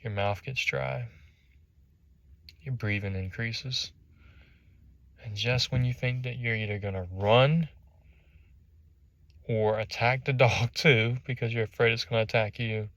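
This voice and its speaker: A man's voice: medium pitch, unhurried, pauses often, no echo. A man telling a motivational story in the second person and acting out the scenes with animation. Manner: animated, acts out scenes vividly. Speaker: motivational speaker.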